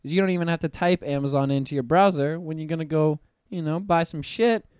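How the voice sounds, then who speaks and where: A man's voice: on the high side, a little fast, a little mellow, clean tone, no echo, clean studio sound. Profane young man hosting a podcast. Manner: loose and profane, rattles off plugs with laughs. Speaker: podcast host. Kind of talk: casual podcast chat.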